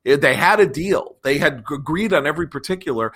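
A man hosting a political talk show, chatting casually and reading a sponsor spot, animated and sarcastic, with frequent digressions. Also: a little high, fast, slightly rough. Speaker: podcast host.

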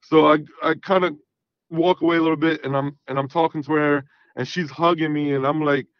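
A man's voice: a little high, brisk, no room sound. A man telling a story casually on a podcast, swearing freely and acting out the dialogue. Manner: profane, animated, acts out quoted dialogue. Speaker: podcast guest. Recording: dull, dry sound.

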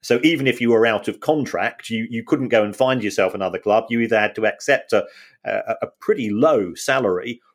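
Man, lowish voice, podcast co-host, measured, halting, casual analysis. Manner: measured, many fillers and restarts. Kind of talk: casual football finance chat.

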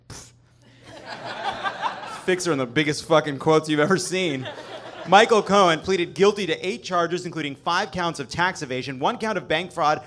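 A man's voice: a little high, fairly bright tone, a little hiss or hum. A man hosting a live comedy show on stage, delivering a sarcastic news monologue and swearing for emphasis. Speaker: host.

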